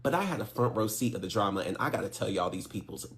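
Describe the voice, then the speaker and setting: A storyteller delivers a casual storytime with a highly animated pitch. The telling is dramatic, jumping into high voices to mimic people. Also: fast.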